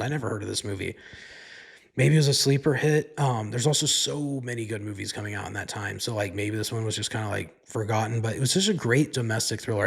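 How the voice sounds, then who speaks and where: A man's voice: fairly low pitch, slightly rough. A man hosting his own podcast, retelling a film's plot in a loose, rambling, profane way, full of "like" and "right?". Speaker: podcast host. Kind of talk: casual movie recap.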